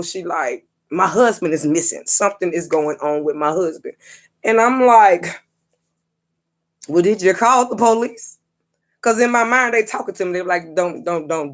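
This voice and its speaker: Profane, animated storytelling woman. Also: medium pitch. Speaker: psychic reader and vlogger. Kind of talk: casual storytelling vlog.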